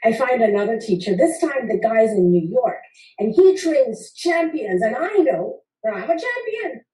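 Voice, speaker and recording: A woman's voice: fairly high pitch, very animated, normal speed, warm tone. A woman in her fifties telling a funny personal story to an audience, playful and acting out the people in it. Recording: roomy sound from a distant mic.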